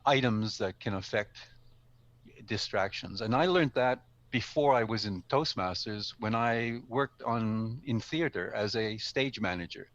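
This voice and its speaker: A man's voice: on the low side, unhurried, fairly bright tone, highs cut off. An older man in casual instructional talk, explaining speaking tips in a conversational way with ums and self-corrections. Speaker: guest speaker, speaking coach. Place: live stream studio or room.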